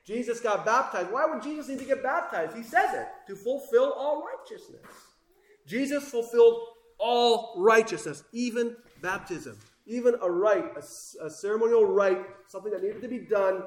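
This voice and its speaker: A man preaches with high-pitched fervor, pressing his points hard and then dropping to near hushes. His voice rings in an echoey room as he delivers the sermon. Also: expressive, moderate pace. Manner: impassioned, swings between loud emphasis and hushed asides.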